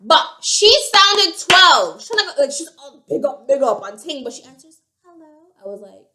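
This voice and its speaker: A young woman telling a storytime vlog, animated and acting out the other voices. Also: sits high, moderate pace, hardly any pauses. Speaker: vlogger.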